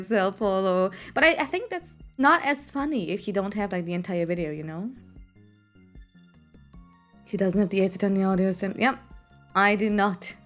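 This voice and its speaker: A woman game streamer in casual live-stream chat, rambling with frequent swearing and fillers. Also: medium pitch.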